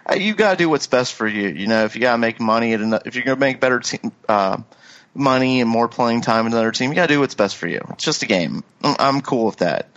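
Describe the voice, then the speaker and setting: A man's voice: mid-range voice, animated, quick pace, fairly bright tone, muffled recording. A man talking casually on a podcast, hesitant, with many restarts and fillers. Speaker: podcast co-host. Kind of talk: casual chat.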